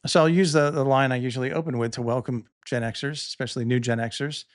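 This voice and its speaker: A middle-aged man talks through a tutorial in an easygoing voice, thinking aloud and correcting himself now and then. He sits close to the mic in a dry room. His voice has an ordinary middle pitch. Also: a little fast, dry recording. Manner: relaxed, thinking aloud with small restarts. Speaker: podcast host demonstrating tools. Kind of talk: casual tutorial narration.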